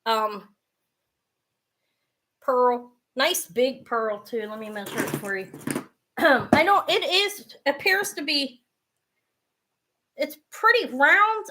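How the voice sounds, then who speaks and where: Bright, high-voiced woman selling jewelry live. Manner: chatty and self-mocking, bursts into loud laughter, swears freely. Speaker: jewelry seller hosting a live sale. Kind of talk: casual live-stream selling.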